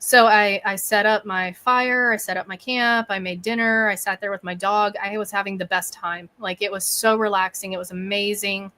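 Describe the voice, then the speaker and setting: A woman, a guest on a podcast, telling a story with lively energy and acting out her own thoughts and quotes. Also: mid-range voice, moderate pace, hardly any pauses. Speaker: bigfoot researcher and podcast guest.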